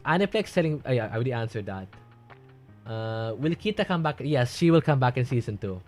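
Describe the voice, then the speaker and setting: A young man chatting casually on a livestream, reading and answering chat in a rambling way and laughing often. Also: mid-range voice. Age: young adult.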